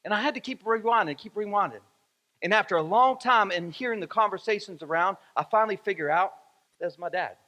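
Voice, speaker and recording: A man's voice: sits high, a little fast, bright, forceful tone. A male pastor preaching a sermon in a church, repeating phrases for emphasis. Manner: repetitive, emphatic preaching with rising fervor. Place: church sanctuary. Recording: echoey church hall.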